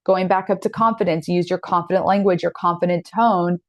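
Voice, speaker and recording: A woman's voice: lowish voice, brisk, no room sound. A woman in her thirties teaching an online masterclass in an earnest, direct, encouraging way. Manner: earnest, direct, encouraging, with animated quoted asides.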